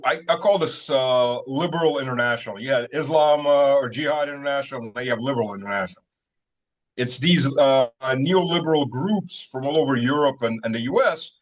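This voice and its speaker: A man's voice: mid-range voice, muffled recording. A man talking casually as an interview guest, rambling with many fillers and chuckling at his own stories. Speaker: guest, military-political commentator.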